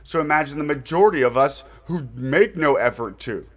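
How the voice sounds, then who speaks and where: A man's voice: on the high side, brisk, a bit bright. A man hosting his own channel, talking through recommendations in a loose, rambling way with fillers and mild slang. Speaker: channel host introducing his website. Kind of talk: casual unscripted monologue.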